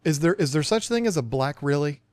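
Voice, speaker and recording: A man co-hosting a podcast, telling a self-deprecating story in a casual, animated way and acting out the dialogue. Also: on the high side, fairly quick, no echo. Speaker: podcast co-host.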